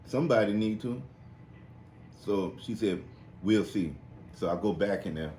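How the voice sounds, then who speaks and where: A man hosting a podcast, telling stories in an animated, profane, casual way and putting on high voices for the people in them. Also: measured pace. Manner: animated, profane storytelling with high-pitched impressions. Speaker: podcast host. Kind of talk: casual storytelling chat. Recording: roomy echo, faint noise.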